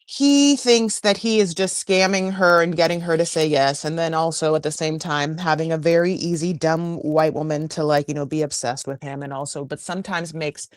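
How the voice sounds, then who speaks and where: A woman's voice: deep voice, normal speed, hardly any pauses, no room sound. A woman hosting a podcast, recapping a reality show in a chatty, gossipy way full of fillers. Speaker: podcast host.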